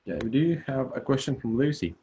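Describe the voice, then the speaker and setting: A man hosting an online session, relaxed, giving short agreeing replies and passing on questions. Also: mid-range voice, fairly quick. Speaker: session host. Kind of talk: moderating online Q&A. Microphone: video call. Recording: dull lo-fi video call audio.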